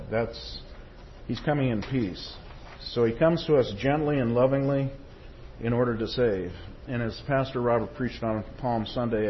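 A man delivers a sermon in a storytelling way, moving between quotations and anecdotes. He checks in with his listeners as he goes. The recording sounds a bit dull, with a faint hum of noise underneath. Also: medium pitch. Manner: storytelling, frequent "okay?" and "Amen?" check-ins. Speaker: preacher.

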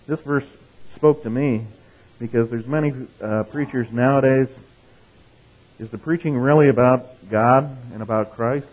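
A male pastor giving a conversational sermon. He reads scripture with rising emphasis, tells jokes and keeps checking in with the congregation. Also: medium pitch. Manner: conversational, checks in with "right?" and "okay?". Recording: phone-like narrow sound.

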